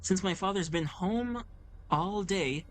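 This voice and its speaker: An anxious, pleading teenage girl from a video game, read aloud in a gamer's own plain voice. She asks for help in a worried, steady way. The pitch sits in a middle range. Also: slow, a little hiss or hum. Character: teenage girl worried about her family. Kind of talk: reading game dialogue aloud.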